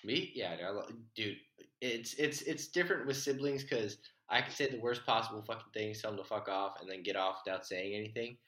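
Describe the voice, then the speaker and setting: A young man chats in a loose, joking way, throwing in "dude" and casual swearing. His voice sits a bit low but sounds bright. The room around him is noticeably echoey. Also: fairly quick. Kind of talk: casual chat.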